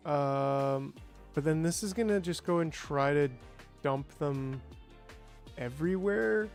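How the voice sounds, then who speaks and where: A man's voice: a little high, slow pace, faint music behind. A man streaming a game, chatting casually and thinking aloud, with playful sound effects. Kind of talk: casual gameplay livestream chat.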